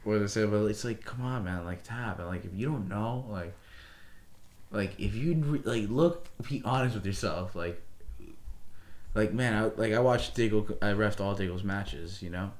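A man's voice: lowish voice, moderate pace. Rambling, profane man telling referee stories. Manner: rambling, heavy filler words, profane, acts out quotes. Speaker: podcast co-host, grappling referee. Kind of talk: casual chat, storytelling.

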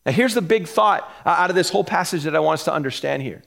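Guy preaching a sermon, kinda high voice, laid back, chuckles a lot, breaks down verses like he's chatting. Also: lively intonation, quick pace, creaky, hardly any pauses, fairly bright tone. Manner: conversational, explains each verse with asides; chuckles between points. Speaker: pastor.

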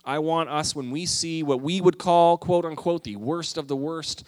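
A man's voice: fairly high pitch, normal speed, darkish tone. A man preaching a sermon as pastor, telling a story in an earnest, emotional way with emphatic rises in his voice.

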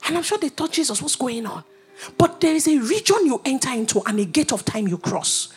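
A woman preaching a sermon, animated and humorous, dropping to whispers and rising to shouts. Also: high voice, quick pace.

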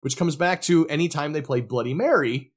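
A man's voice: a little high, brisk. A man co-hosting a podcast, chatting casually about horror films and acting out characters' lines. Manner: animated, acts out characters' lines in quoted voices. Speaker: podcast co-host. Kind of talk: casual film review chat.

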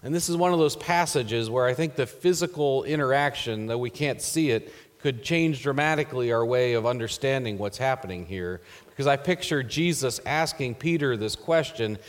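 A man preaching a sermon as pastor, earnest and measured, letting his phrase endings trail off softly. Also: mid-range voice, in a large hall.

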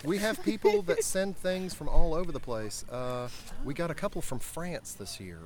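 A man's voice: a little high, very animated, normal speed, over a noisy crowd. A man playing a ship's officer at an outdoor reenactment, speaking in a formal, courtly, theatrical way and reading an old letter aloud. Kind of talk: in-character period talk and letter reading.

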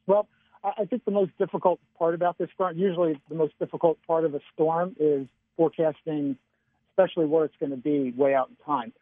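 A man giving a casual radio weather forecast by phone, chatty and relaxed, often chuckling. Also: on the high side, a little fast, dry recording. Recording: tinny phone line.

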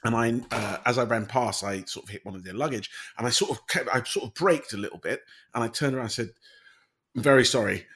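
Man, husky voice, animated anecdotal chat, casual swearing. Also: medium pitch, fast, hardly any pauses.

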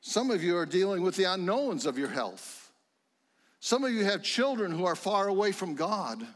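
A middle-aged man preaching a sermon in a church sanctuary, fervent and rising to excited exclamations. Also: high voice, normal speed, big-room sound. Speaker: pastor.

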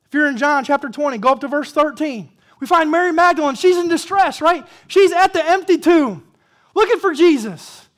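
A pastor with a high-pitched, expressive voice preaches at a normal speed. He repeats key phrases for emphasis, asks the congregation questions, and calls for amen.

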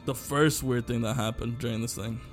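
A man's voice: mid-range voice, fairly even intonation, moderate pace, soft background music. A young man co-hosting a podcast, telling a long story in casual chat, rambling with lots of fillers and swearing. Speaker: podcast co-host.

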